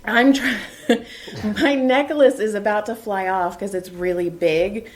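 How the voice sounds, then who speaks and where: A woman's voice: medium pitch, unhurried. A middle-aged woman hosting a podcast in a basement while giving a massage, chatting casually and telling stories with frequent laughter. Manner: laughing often, animated storyteller. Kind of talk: casual chat.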